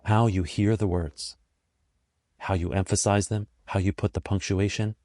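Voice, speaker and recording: A man with a very low voice delivers a motivational podcast monologue as its host. He speaks deliberately and with emphasis, leaning on repeated phrases to drive each point home. The sound is close and dry. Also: steady tone, dark tone, no echo.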